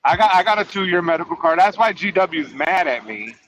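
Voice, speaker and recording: High-voiced, profane trucker host. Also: male voice, expressive, fairly quick, fairly bright tone, a little hiss or hum. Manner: profane, rambling, teasing. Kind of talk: casual chat. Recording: dull lo-fi audio.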